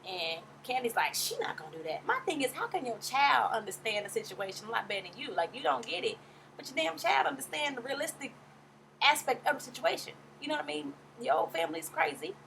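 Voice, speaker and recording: A woman giving a fast, sassy, casual recap and acting out quotes in different voices. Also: high-pitched, big pitch swings, creaky, fairly bright tone, slight background noise. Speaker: recap vlogger.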